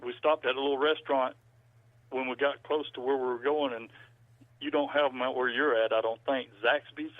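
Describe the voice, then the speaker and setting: A man's voice: medium pitch, steady tone, fairly quick, dry recording. Folksy man on a tinny landline. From Georgia, US. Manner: folksy, rambling storyteller. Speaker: musician guest. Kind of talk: casual phone interview. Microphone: landline telephone. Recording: dry, tinny phone line.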